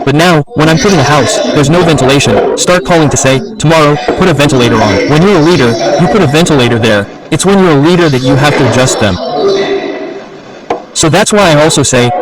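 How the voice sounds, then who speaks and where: A man's voice: a little high, poor audio. A man giving an impassioned public political speech, insistent and full of rhetorical questions. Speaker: political speaker. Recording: speech over crowd noise.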